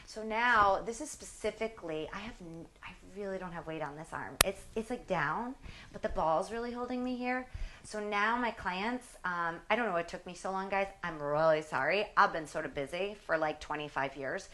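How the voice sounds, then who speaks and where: A woman's voice: mid-range voice, normal speed, pushed and bright. A woman in her forties, a fitness instructor, chatting casually while demonstrating exercises, sometimes strained from the effort. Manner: chatty, self-deprecating, talks while exercising. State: strained from exertion.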